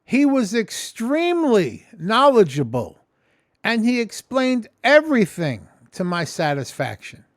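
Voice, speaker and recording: A man's voice: sits high, no echo, clean studio sound. A man talking casually in a rambling, profane vlog at home. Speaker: vlogger. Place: home kitchen.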